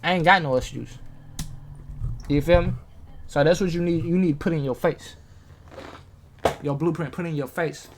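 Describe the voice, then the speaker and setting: Hyped man giving a motivational talk. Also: fairly bright tone. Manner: hyped, street-slang delivery with big pitch jumps; talks straight to viewers, asking questions. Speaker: motivational vlogger.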